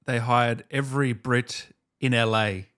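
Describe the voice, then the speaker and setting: A man's voice: medium pitch, fairly even intonation, unhurried, fairly bright tone, clear, resonant tone. Easygoing male host in his thirties. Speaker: podcast host. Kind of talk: casual interview chat.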